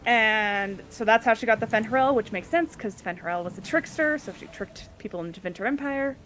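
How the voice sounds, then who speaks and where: A woman's voice: a little high, a little fast, a bit bright. Chatty woman recapping a tabletop game. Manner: chatty, giggly, acts out party members' lines. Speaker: player recapping the previous session. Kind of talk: casual recap chat.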